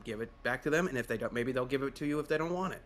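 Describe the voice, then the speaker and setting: A man's voice: mid-range voice, very fast, a bit bright, natural voice. Man playing a fretful, fussy adventurer.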